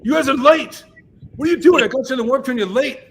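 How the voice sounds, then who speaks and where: A man acting out a furious grown male musician who shouts and curses, his voice pushed up high and loud. He barks orders like a boss who expects to be obeyed at once, as the storyteller puts him on. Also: quick pace. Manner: shouting, cursing, bossy.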